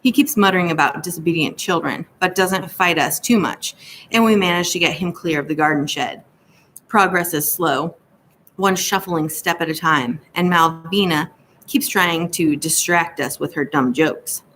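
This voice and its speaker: A woman narrates a novel in a steady, even storytelling manner. Her voice sits on the lower side for a woman, with a faint hiss behind it. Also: normal speed. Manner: steady storytelling in a first-person boy's voice. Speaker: audiobook narrator. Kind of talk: scripted narration.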